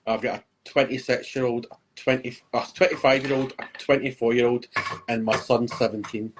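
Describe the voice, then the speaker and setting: An older man, a grandfather, chatting casually on a podcast he hosts and telling relaxed anecdotes. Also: mid-range voice, fairly quick, a little hiss or hum, poor audio. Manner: easygoing anecdotal storytelling. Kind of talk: casual chat.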